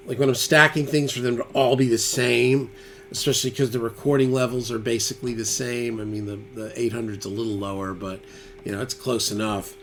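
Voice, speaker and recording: A man's voice: medium pitch, slight background noise. A man casually talking through a guitar tone demo, thinking aloud and trailing off as he adjusts settings. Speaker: guitarist demonstrating gear. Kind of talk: casual studio demo talk. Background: loud electric guitar playback.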